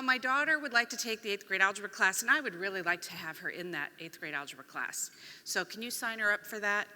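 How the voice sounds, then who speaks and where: Bright animated woman telling stories on stage. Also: fairly high pitch. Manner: animated, acts out quoted voices. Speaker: conference speaker; speech pathologist. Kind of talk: storytelling keynote talk. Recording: long reverb of a hall.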